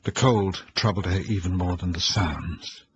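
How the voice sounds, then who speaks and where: A man with a low voice narrates a ghost story at a measured, suspenseful pace. The audiobook recording is dull and lo-fi. A faint hiss sits underneath. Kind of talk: audiobook reading.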